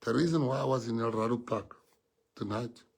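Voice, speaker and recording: A man's voice: medium pitch, brisk, vocal fry, a little mellow, husky. A man with a South African accent, a party leader giving a heartfelt speech to his members, earnest and repeating key phrases for emphasis.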